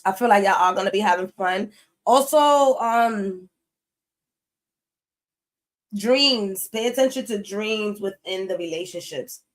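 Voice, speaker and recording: A woman's voice: mid-range voice, measured pace, long pauses, low-quality recording. Blunt, cussing woman reading tarot. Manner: blunt, swears freely, emphatic repetition; chatty, talks straight to viewers. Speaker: tarot reader. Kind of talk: casual tarot reading to camera.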